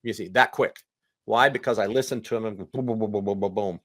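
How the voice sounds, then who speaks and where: A man speaking as a guest counselor in a casual conversation, animated and acting out other people's lines, repeating words in quick bursts. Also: on the low side.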